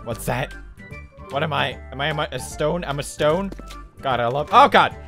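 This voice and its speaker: A man giving excitable let's play commentary over a video game, laughing a lot and breaking into shouts. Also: fairly high pitch, normal speed, faint music behind. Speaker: gaming commentator.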